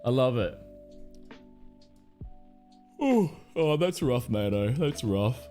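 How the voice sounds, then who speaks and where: An Australian man chatting casually and profanely with his live stream audience, rambling into animated stories. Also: medium pitch, takes it slowly, soft background music.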